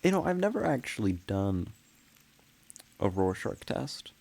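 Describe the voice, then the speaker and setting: A man on a casual game livestream, talking to viewers in a low voice. He drawls along at an unhurried pace. His talk rambles and keeps breaking into giggles. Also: big pitch swings, creaky, a little mellow. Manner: rambling and giggly, laughing often; chats with viewers while playing. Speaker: streamer.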